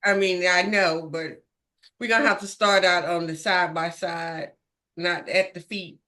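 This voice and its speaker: A woman's voice: fairly low pitch, steady tone, unhurried, pushed and bright. A woman co-hosting a ministry podcast, chatting casually with playful, joking asides. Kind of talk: casual chat.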